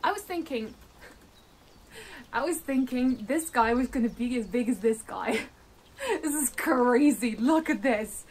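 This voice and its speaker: Amazed young woman unboxing a plush, slow. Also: a little high, slight background noise. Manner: excited, amazed, rambling with fillers and restarts. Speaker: plush maker and vlogger. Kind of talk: casual unboxing vlog. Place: home room with tripod camera. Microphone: camera mic on a tripod.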